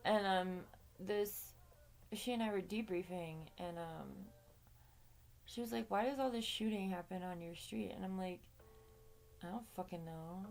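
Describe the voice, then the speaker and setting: A woman telling a story to her camera in a casual, chatty way, swearing freely and laughing between lines. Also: medium pitch. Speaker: vlogger.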